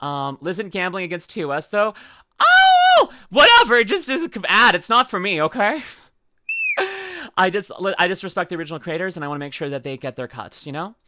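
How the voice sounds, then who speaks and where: A streamer giving a casual reaction commentary, rambling and excitable with lots of fillers and laughter. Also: medium pitch, fairly quick, very noisy. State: tearing up.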